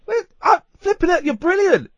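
A man's voice: extremely high pitch, big pitch swings, normal speed. A man hosting a late-night radio phone-in, jokey and rambling, bantering with callers. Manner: jokey, rambling, laughs often. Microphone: studio mic.

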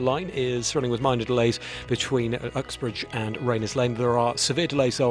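Brief: male traffic reporter, brisk bulletin, mid pitch, faint music bed. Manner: brisk and matter-of-fact. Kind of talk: radio travel bulletin.

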